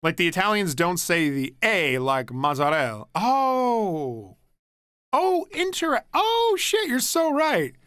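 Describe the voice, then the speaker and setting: A young man with a bright, forceful voice talks loosely on a home stream, rambling from one thought to the next. He laughs a lot and swears without a second thought. The sound is dry and close, with no room around it. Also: high-pitched, very animated, slow, smooth, dry recording. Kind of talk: casual chat.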